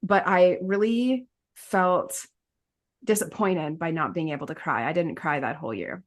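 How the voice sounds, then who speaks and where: A woman's voice: lowish voice, a little slow. A woman talking candidly in a podcast conversation, rambling with fillers and restarts and laughing often mid-sentence.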